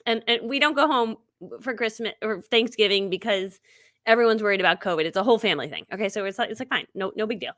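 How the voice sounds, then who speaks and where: A woman's voice: mid-range voice, quick pace, fairly bright tone. A middle-aged woman hosting a live stream, telling stories in a chatty way, laughing often and acting out what people said. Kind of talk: casual chatty storytelling.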